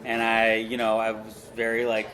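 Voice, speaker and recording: A man's voice: fairly low pitch, monotone, moderate pace, a bit bright. A man, a film director and co-writer, answering interview questions in a loose, rambling way with lots of restarts and self-deprecating jokes. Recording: noisy background ambience.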